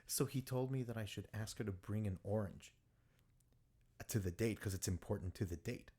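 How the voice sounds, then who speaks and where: A man's voice: fairly low pitch, normal speed, warm tone, husky. A man co-hosting a podcast, chatting casually, laughing often and filling with "like". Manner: laughs a lot, heavy use of "like". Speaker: podcast co-host. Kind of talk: casual chat. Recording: noisy background hiss.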